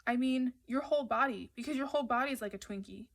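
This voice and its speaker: A woman's voice: fairly high pitch, fast, fairly bright tone, voice pushed up. A woman voicing a nervous, touchy young boy who speaks urgently in a slightly raised voice. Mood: edgy.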